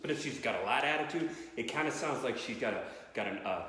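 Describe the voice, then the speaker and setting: Excitable young man doing stand-up. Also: medium pitch, fast talker, a little hiss or hum. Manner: rambling, self-interrupting and excitable. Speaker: stand-up comedian. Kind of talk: living-room stand-up set. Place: parents' living room. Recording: echoey living room.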